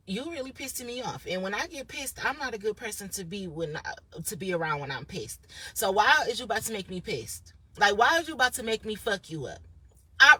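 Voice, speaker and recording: Blunt, husky-voiced young woman vlogging. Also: mid-range voice, bright, forceful tone, no echo. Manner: blunt, profane, rambling. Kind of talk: casual chat to camera.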